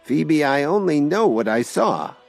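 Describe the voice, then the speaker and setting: A man narrating an audiobook and voicing a quick-tempered older father who shouts at the top of his lungs. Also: a little high, sing-song, gravelly, faint music behind, pitched above the performer's own voice, exaggerated voice. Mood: doubtful. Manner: shouting, thundering.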